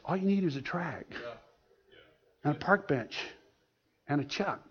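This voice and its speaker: A man preaching a sermon as pastor, telling a story in an animated way with laughter in it. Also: fairly high pitch, measured pace. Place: church. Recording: dull lo-fi sound.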